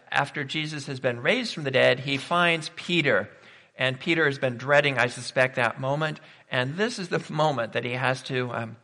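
A man's voice: medium pitch, sharp tone. A man preaching a sermon, emphatic and full of rhetorical questions. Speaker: pastor. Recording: reverberant hall.

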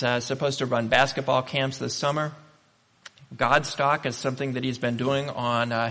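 A man's voice: mid-range voice, fairly bright tone. Man preaching in an echoey hall. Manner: conversational storytelling with rhetorical questions. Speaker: pastor. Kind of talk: sermon.

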